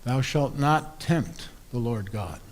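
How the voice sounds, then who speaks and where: A preacher voicing Jesus with solemn, measured refusals in a retold scripture scene. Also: male voice, mid-range voice, lively intonation. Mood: firm. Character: calm, firm Jesus refusing temptation.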